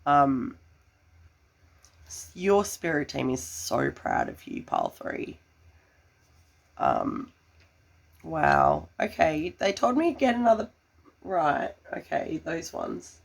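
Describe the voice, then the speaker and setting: A woman giving a tarot reading, gushing and full of fillers, breaking into excited laughter. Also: low voice, slow, gravelly, long pauses. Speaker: tarot reader.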